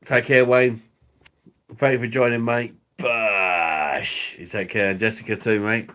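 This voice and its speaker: A man's voice: lowish voice, fairly even intonation, unhurried, bright, forceful tone. A man hosting a live stream, reading out chat comments in crude, sweary banter and laughing often. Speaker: livestream host.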